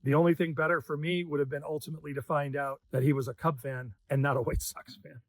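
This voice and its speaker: A man's voice: fairly high pitch, little pitch movement, quick pace, no room sound. A man in the news business sharing a personal story in an earnest, emotional way. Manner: earnest, emotional, soft-spoken at times. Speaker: news sales manager. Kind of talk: personal reflection.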